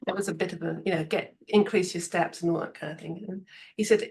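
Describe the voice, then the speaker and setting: With a fairly low pitch, vocal fry and a quick pace, a woman guesting on a podcast as a management expert gives conversational advice. She's a vivid storyteller who acts out quotes and laughs frequently.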